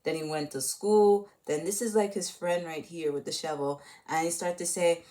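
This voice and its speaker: Lady talking through a movie she watched, kinda low voice, rambly, lots of "like". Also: fairly even intonation, normal speed, hardly any pauses, dark tone. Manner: rambling, full of "like" and restarts. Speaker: channel host. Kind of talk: casual movie recap.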